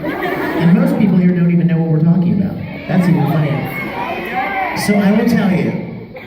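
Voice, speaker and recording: A man telling stories to fans as a convention panel guest, animated and laughing as he talks. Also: sits high, moderate pace. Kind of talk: storytelling to a live audience. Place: large convention hall. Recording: echoey hall, far mic, crowd noise.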